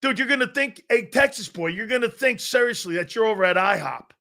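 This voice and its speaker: A brash male sports talk host with a notably high voice for a man. He rants in a mocking, profane way, shooting down callers and rivals. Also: lively intonation, fairly quick, creaky, bright, forceful tone. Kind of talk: casual sports talk rant.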